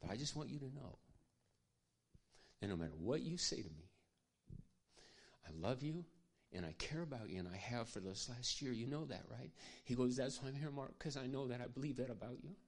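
A man preaching, telling a personal story in an earnest, confiding way that often drops to a hush. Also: mid-range voice, expressive, brisk, vocal fry. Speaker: pastor. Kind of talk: sermon storytelling.

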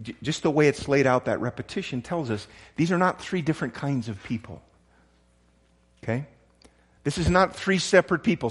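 A middle-aged man delivering a sermon at a mid-range pitch. He stumbles and repeats words as he goes, then lifts his voice sharply to drive a point home. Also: husky. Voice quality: repeats and restarts words, emphatic jumps in volume. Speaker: pastor.

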